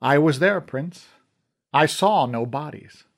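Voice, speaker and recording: For an audiobook, a man voices a stern master archer guarding an armory, speaking in formal, old-fashioned courtly language with a grave mood. His voice is on the high side and animated, and he takes his time.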